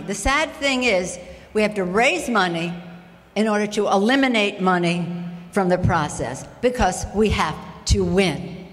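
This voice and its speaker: A woman in her seventies, a party leader giving a political speech at a breakfast, with a rallying manner that repeats key phrases. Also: mid-range voice. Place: large breakfast hall with a crowd. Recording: long echo of a large hall.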